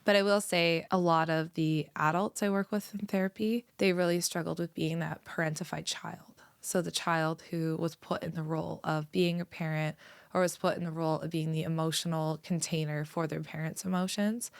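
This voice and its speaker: A woman in her thirties hosts a casual parenting podcast, her low voice carrying a gravelly edge. She explains things patiently, building up example scenarios. The sound is dry and close. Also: fairly even intonation, moderate pace, no room sound. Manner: explanatory, walks through examples step by step. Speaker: podcast host and therapist.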